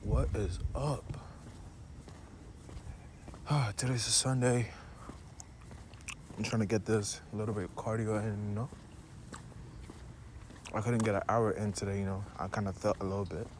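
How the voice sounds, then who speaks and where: A man's voice: fairly low pitch, fairly even intonation, normal speed, long pauses. A young man vlogging in a casual, rambling way, chewing gum and filling his talk with "you know" and "like". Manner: chewing gum while talking. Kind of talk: casual vlog chat. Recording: faint background noise.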